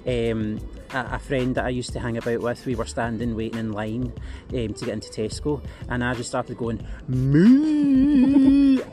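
A man's voice: medium pitch, flat delivery, brisk, soft background music. A man, a podcast guest, talking bluntly and rambling in casual chat, with frequent laughs and restarts.

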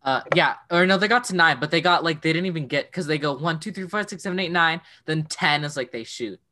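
A teenage girl with a low voice talks casually and at length, packing her sentences with fillers. She sometimes slips into singing a line. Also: fast, bright, forceful tone. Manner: chatty, many fillers, breaks into singing lines. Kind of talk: casual chat about a musical.

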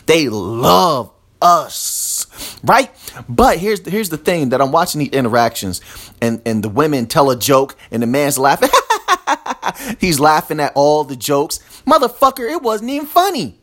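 A man's voice: a little high, very animated, normal speed, a bit bright. A man delivering a podcast rant, blunt, profane and confrontational. He hammers his points by repeating them, with an intense, aggressive drive. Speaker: podcast host. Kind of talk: ranting monologue.

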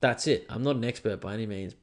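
A man's voice: fairly low pitch, fast talker. A man hosting a casual solo podcast, rambling and crude, with lots of swearing and self-deprecating asides. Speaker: podcast host.

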